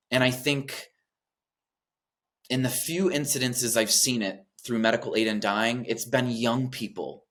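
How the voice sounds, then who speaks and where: A man speaking as a guest in an interview about his work as a death doula, talking earnestly and gently, often pausing with fillers. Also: on the low side. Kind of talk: reflective interview talk.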